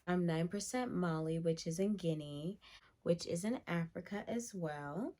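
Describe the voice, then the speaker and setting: A woman vlogger in a casual, excited chat, reading her results aloud. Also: on the low side. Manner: slow, excited and chatty, reads passages aloud.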